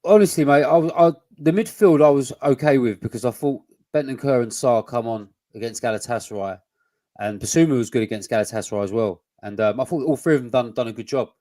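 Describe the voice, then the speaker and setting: A man's voice: mid-range voice, fairly quick, warm tone, dry recording. A man, co-hosting a casual football podcast, blunt and sweary with rambling restarts. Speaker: podcast co-host.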